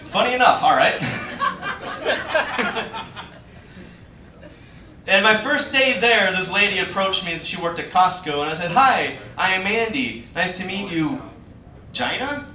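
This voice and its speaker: A man's voice: high voice, lively intonation, slow pace, pauses often, background noise. A man performing a stand-up comedy set, acting out the voices of people in his stories. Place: comedy club stage. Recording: echoey club, mic far, loud crowd laughter.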